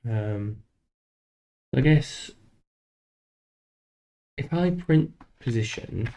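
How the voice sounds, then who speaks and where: A man streaming live while coding a game, thinking aloud in a halting, self-deprecating way. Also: mid-range voice, gravelly, mellow.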